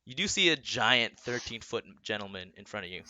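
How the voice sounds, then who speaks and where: Lively, bright-voiced young game master. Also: male voice, fairly low pitch, fairly quick. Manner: laughs often, casual and lively. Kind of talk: narrating a tabletop game.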